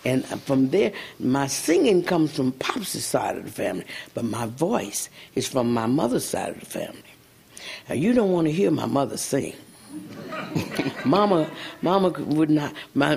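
Gravelly older woman telling lively stories. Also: sits low, normal speed. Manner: laughs often, breaks into sung snippets. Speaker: singer, interview guest. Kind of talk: animated storytelling.

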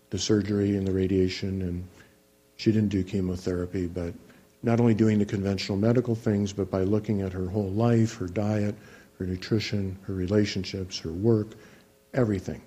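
Low husky-voiced guy, doctor telling a patient story, calm and measured. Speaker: physician teaching guided imagery. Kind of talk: storytelling lecture.

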